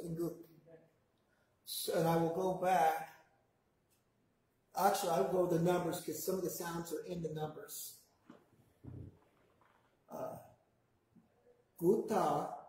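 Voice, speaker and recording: High-voiced man teaching slowly in an echoey room. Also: darkish tone. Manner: patient, models words slowly for the class to repeat. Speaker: language teacher. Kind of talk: language class instruction. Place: classroom. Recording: very echoey classroom.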